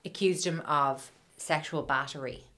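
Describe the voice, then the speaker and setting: A woman's voice: sits low, measured pace, sharp tone. A woman co-hosting a podcast in casual chat, swearing freely and trailing off into fillers. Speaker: podcast co-host.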